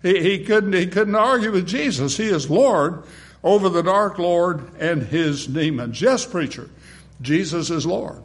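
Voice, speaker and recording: A man preaching a sermon in a dramatic, rhetorical manner, swinging between booming emphasis and hushed, quiet phrases. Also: a little slow. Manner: rhetorical, acts out congregation replies. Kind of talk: sermon with opening prayer.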